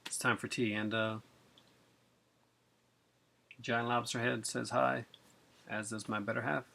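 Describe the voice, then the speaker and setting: A man hosting a casual unboxing vlog who talks in an excitable, rambling way with many fillers. He sounds chilled from being out in the cold and rain. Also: mid-range voice, unhurried, creaky. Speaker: video host.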